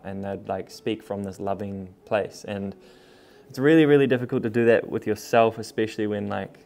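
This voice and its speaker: A man's voice: fairly low pitch, fairly even intonation, brisk, gravelly, darkish tone. A young man talking casually and frankly to camera in his new home, swearing freely. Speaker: vlogger. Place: new home, room full of boxes.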